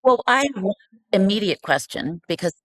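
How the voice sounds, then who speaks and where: A middle-aged woman co-hosting a podcast, talking casually in a warm, effusive way. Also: medium pitch, expressive, normal speed. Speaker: podcast co-host. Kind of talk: casual interview talk.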